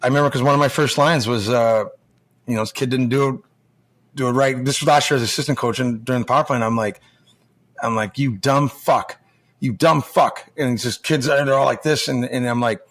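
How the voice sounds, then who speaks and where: A man's voice: mid-range voice, fairly even intonation, quick pace, a bit bright. Profane, rambling storyteller man in his forties. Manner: rambling, profane, acts out quoted dialogue. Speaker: podcast guest, former pro hockey player now junior coach. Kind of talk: casual storytelling chat.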